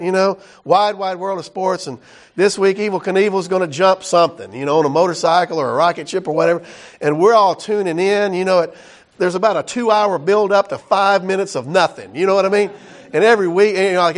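A male pastor giving a conversational sermon in a folksy, animated way, with exclamations and asides. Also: high-pitched.

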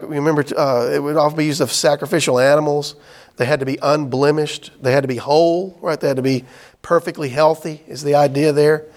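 A man teaching a Bible class, chatting casually and reading scripture aloud slowly. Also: on the high side, a little mellow. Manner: conversational, explains with "right?" and "y'all", reads scripture aloud slowly.

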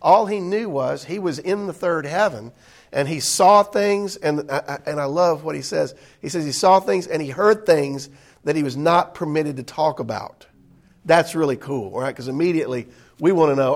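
Man leading a Bible class, fairly high voice, relaxed and chatty, full of um and uh. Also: moderate pace. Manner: conversational, with frequent fillers and restarts. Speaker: Bible study teacher. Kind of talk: casual classroom teaching. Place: indoor meeting room.

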